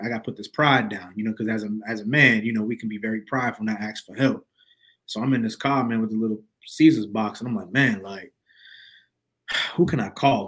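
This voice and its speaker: A young adult man, a podcast guest, telling his story in a lively, slangy way and acting out the quotes. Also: on the low side. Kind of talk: storytelling in casual conversation.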